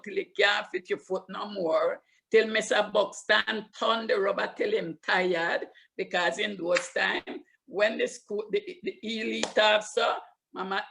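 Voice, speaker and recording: An older woman storyteller from Limón, Costa Rica, with a Limón Creole English accent, telling childhood memories in an animated way and repeating words for emphasis. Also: medium pitch, gravelly.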